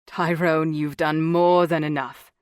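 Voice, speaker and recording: A woman's voice: deep voice, flat delivery, a little slow, no room sound, clean studio sound, voice pushed down. A woman voicing a tender, earnest young husband and father in an audiobook.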